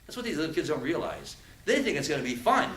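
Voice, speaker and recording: Animated man speaking in a roomy hall. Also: fairly high pitch, quick pace, far from the mic. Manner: animated storyteller, acts out prison threats. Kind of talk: motivational talk to an audience. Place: event room with audience.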